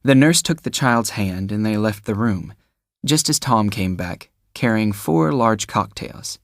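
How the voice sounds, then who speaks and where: A man narrating an audiobook in a steady, measured storytelling manner on a close mic. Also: on the low side, no room sound. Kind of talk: scripted narration.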